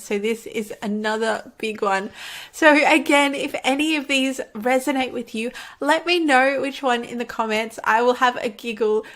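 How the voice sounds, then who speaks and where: A woman's voice: fairly high pitch, a bit bright. A woman who makes online courses, talking casually to camera in an encouraging, chatty way and laughing often. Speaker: online course creator and coach. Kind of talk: casual talk to camera teaching.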